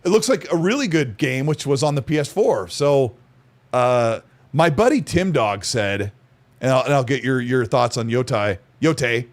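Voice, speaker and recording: A man's voice: mid-range voice, normal speed. Teasing podcast guy, voice jumps all over, laughs a lot. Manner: teasing, animated, laughs often. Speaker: podcast co-host. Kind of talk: casual gaming podcast chat.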